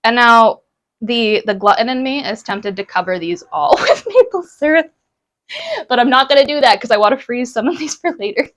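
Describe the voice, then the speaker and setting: A woman's voice: a little high, normal speed, a bit bright. A young woman chatting casually with her stream from home while she cooks and eats brunch, bubbly and laughing often. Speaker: live streamer.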